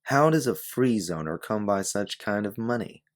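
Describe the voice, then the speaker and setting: A man's voice: on the low side, animated, moderate pace, voice pushed up, natural voice. A man voicing a guarded woman private investigator who talks in a wry, blunt, businesslike way.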